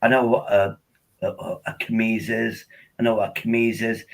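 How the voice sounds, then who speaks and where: A man's voice: lowish voice, fairly even intonation, normal speed, rough recording. An older man, chatting casually and rambling on a live stream from home at his laptop.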